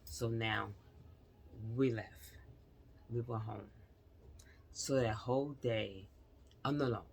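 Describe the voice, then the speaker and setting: Slow, gravelly-voiced woman telling her story. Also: a bass voice. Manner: addresses viewers directly, earnest and confiding. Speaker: vlogger. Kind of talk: personal storytelling to viewers.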